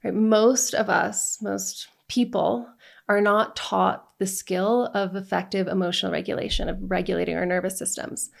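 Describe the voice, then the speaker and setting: A divorce coach speaks earnestly straight to camera in a mid-range, creaky voice with a steady tone and normal speed. She keeps checking in with "right?" and reels off feelings in long runs, one after another.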